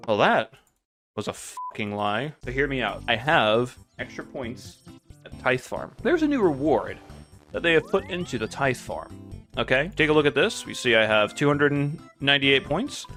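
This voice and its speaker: A young man casually commenting on his own gameplay, excitable and swearing, talking to viewers. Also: mid-range voice, normal speed, soft background music. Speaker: gaming video host.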